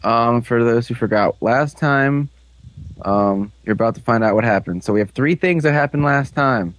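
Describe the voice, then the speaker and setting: A man casually recapping episodes on a podcast, rambling with lots of fillers and briefly putting on voices for the characters. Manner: rambling, frequent "like" and "um", puts on quick high voices for characters. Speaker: podcast host recapping a show.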